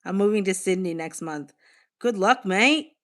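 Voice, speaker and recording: A woman with a mid-range voice hosts a relaxed livestream. She reads viewers' messages aloud and answers them in an easygoing, candid way, with the odd casual swear. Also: mid-range voice, moderate pace. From Boston, United States. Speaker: livestream host. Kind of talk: casual livestream chat, reading comments aloud.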